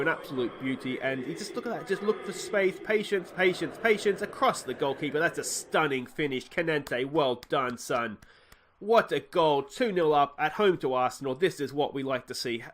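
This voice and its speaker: A man with an Australian accent hosting a let's play, chatting casually about his football management game and breaking into excited shouts when goals go in. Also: fairly high pitch.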